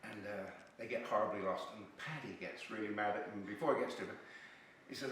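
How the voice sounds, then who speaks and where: A man telling jokes as a stand-up comedian, lively and chuckling at his own punchlines. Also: on the low side, quick pace, very echoey, far from the mic, slight background noise. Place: comedy venue.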